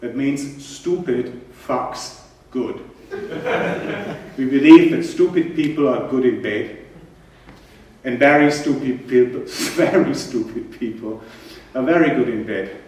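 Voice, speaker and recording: A man with a German accent doing stand-up comedy, telling a story deadpan and chuckling along. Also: mid-range voice, slow. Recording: echoey hall from far off.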